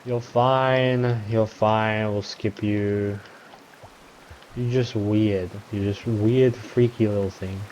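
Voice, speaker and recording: A man giving gameplay commentary, reacting loudly and talking to the creatures he meets on screen. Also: on the low side, fairly even intonation, slow, a little hiss or hum. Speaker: gameplay streamer.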